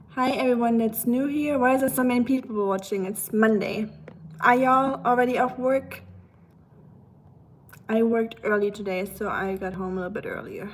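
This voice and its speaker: A woman's voice: on the high side, slight background noise. A woman from Germany with a German accent, chatting casually with live-stream viewers in her home kitchen while she cooks. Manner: chatty and rambling, talks to viewers in the chat.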